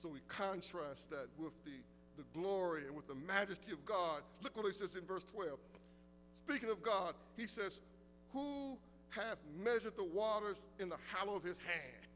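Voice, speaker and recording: A man preaching a sermon as pastor, reading scripture slowly and deliberately, his voice swelling for emphasis and sinking low at the ends of phrases. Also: expressive, fairly bright tone, long reverb tail, a little hiss or hum.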